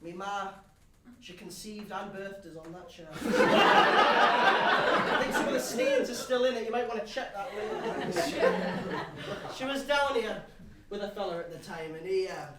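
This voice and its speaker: A man's voice: high voice, very animated, measured pace, over a noisy crowd. A young man playing a sweary Geordie pub regular. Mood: cheeky. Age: young adult. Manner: sweary, rambling, cheeky banter with the audience. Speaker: stage actor. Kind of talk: one-man live theater monologue. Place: theater stage before a live audience. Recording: roomy stage sound from far off with audience. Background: audience laughing.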